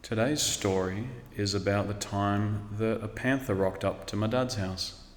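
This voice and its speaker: A man's voice: on the low side, steady tone, unhurried, slight background noise. Laid-back Australian man, echoey room. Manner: rambling, laid-back, drifts off topic. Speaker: storyteller. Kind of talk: casual storytelling. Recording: echoey room with long reverb.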